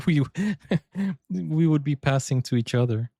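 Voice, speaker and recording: A man from Brazil hosting a sports reaction video, chatting excitedly and often stumbling and restarting his sentences. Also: on the high side, slow, gravelly, no room sound, clean studio sound. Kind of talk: casual reaction commentary.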